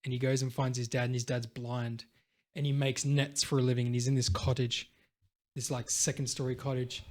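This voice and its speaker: A young man co-hosting a casual podcast, retelling film scenes with lots of fillers and bursts of excitement. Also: mid-range voice, fairly quick. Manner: animated storyteller, acts out film scenes, lots of "like" and "dude". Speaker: podcast co-host. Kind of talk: casual chat.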